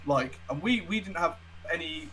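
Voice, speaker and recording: A man's voice: fairly high pitch, expressive, normal speed, sharp tone, a little hiss or hum, low-quality recording. Chatty young man telling stories. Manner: chatty storyteller, swears freely. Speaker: podcast co-host. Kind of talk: casual chat.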